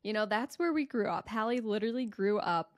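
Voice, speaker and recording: A woman in her twenties co-hosting a podcast, telling a story in a lively, laughing way. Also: medium pitch, fairly quick, no room sound, studio quality. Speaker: podcast co-host. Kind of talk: casual chat.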